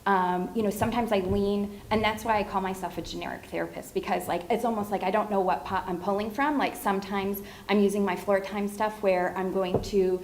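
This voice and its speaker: A woman's voice: mid-range voice, steady tone, a little fast, few pauses, poor audio. A woman speaking on a library discussion panel as a speech therapist. She explains her methods patiently and in detail, and now and then acts out a child's short phrases. A faint hiss of noise sits behind her voice.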